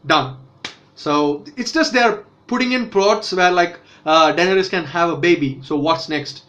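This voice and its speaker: A man's voice: high voice, measured pace, fairly bright tone. A man casually reviewing a TV episode, rambling with fillers and restarts. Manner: rambling, many self-corrections and fillers. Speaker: TV show reviewer.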